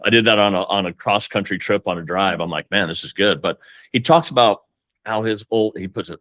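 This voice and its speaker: A man's voice: lowish voice, fairly quick, fairly bright tone, no room sound, highs cut off. A man talking as a guest mortgage coach, with an emphatic, pep-talk delivery. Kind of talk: casual podcast conversation.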